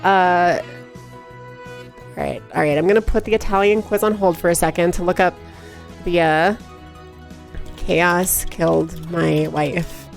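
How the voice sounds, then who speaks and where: A woman's voice: fairly low pitch, moderate pace, pauses often, soft background music. A woman live streaming who chats casually and reads chat aloud, giggly and playful with frequent laughter.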